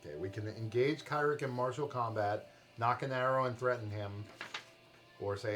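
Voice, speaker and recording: A man narrating a tabletop fantasy game as game master on a live stream, in a steady storybook manner. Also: medium pitch, moderate pace, soft background music.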